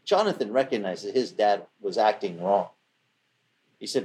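A man's voice: on the low side, animated, moderate pace, a little mellow, husky. A man preaching, retelling a scripture story in a loose, conversational way. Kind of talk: sermon.

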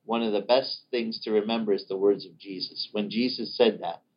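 A man preaching a sermon in an animated way, acting out the voices of the people he quotes. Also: lowish voice, normal speed, slightly rough. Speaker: pastor. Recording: dull lo-fi recording.

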